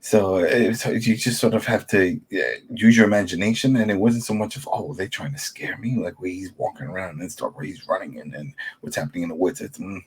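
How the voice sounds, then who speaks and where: A man's voice: low voice, brisk, few pauses, slightly rough. A man co-hosting a podcast, giving blunt, opinionated criticism in casual chat. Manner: blunt and opinionated, acts out quotes. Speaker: podcast co-host.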